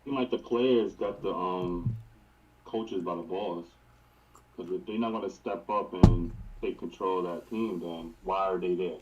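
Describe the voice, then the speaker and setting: Low-voiced man on a sports podcast, off-mic with a muffled, faintly noisy sound. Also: unhurried, soft background music. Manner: brief agreeing remarks. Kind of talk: casual sports talk. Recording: distant, dull lo-fi mic with faint noise.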